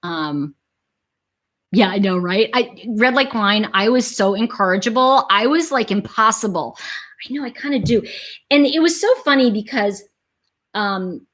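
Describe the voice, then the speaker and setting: A middle-aged woman hosting a casual livestream, rambling through animated stories and talking straight to her viewers. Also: mid-range voice, measured pace. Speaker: host.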